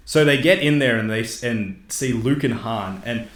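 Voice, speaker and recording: A man casually recapping a comic story to a co-host, animated and laughing often. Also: mid-range voice, moderate pace. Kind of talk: casual chat. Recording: echoey room.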